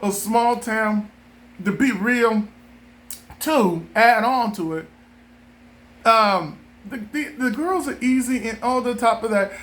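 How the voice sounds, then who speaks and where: A man's voice: very high voice, slow pace, long pauses, a bit bright. A man from Southern California talking straight to camera in a casual, joking, rambling monologue, repeating himself for laughs. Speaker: vlogger.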